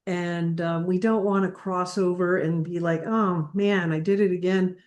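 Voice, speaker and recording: A woman guest on a spiritual show, giving a reflective answer in a halting way with many fillers. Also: on the low side, fairly even intonation, darkish tone. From United States. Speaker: guest, mystic author.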